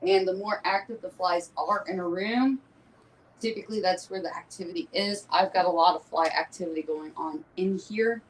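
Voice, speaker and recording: A woman on a live paranormal investigation, talking to her viewers in a hushed, uneasy way while cold and shivering. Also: fairly low pitch, moderate pace, recorded from a distance, a little hiss or hum, poor audio.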